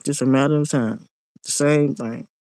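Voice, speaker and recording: A man's voice: mid-range voice, steady tone, normal speed, a little mellow, no room sound, rough recording. A man, ranting in a casual monologue vlog, blunt and preachy and repeating himself.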